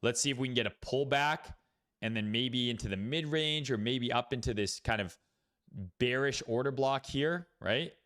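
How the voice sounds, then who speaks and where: A man's voice: mid-range voice, moderate pace, a bit bright. A man hosting a casual crypto trading livestream, talking bluntly with swearing and lots of fillers. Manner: blunt, profane, thinks aloud with many fillers. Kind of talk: casual livestream market commentary.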